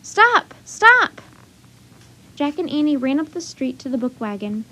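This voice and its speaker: A woman storyteller reading a children's chapter book aloud with steady, expressive narration. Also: high-pitched, a little fast, noisy background.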